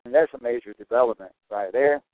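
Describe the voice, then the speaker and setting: A man talks in an earnest preaching monologue and circles back to stress each point. His voice sits at an ordinary middle pitch. It comes through a tinny, phone-like line with a dry, close sound. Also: fast talker, no room sound. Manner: earnest, repetitive, preacher-like emphasis. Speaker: Christian prophecy broadcaster.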